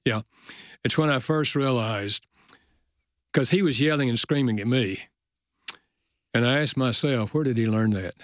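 A man's voice: medium pitch, dry recording. Older man, earnest guest storyteller, dry close mic. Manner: earnest, slows down for emotional moments. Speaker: author and guest. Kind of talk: storytelling in a podcast interview.

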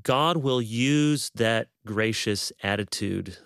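A man speaking as a guest teacher on marriage, measured and quoting scripture in casual conversation. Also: mid-range voice, creaky, a bit bright, smooth, no room sound, clean studio sound.

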